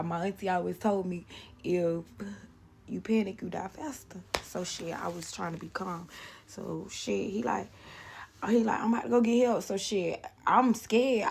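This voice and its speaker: A woman's voice: lowish voice, gravelly. A young woman casually telling a personal story, rambling and profane, acting out the quotes in raised voices.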